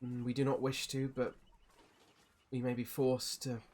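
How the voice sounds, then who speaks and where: A man's voice: mid-range voice, level tone, darkish tone, natural voice. Brief: a man playing a composed, formal gang leader. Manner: formal, measured speech. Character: dignified male crime boss, formal and measured.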